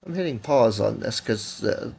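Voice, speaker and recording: A man's voice: medium pitch, animated, normal speed, creaky, darkish tone, slightly rough. Rambling, tired man streaming while coding. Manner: rambling, self-correcting, advice-giving. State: tired, yawning. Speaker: livestreaming game developer. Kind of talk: casual livestream commentary while programming.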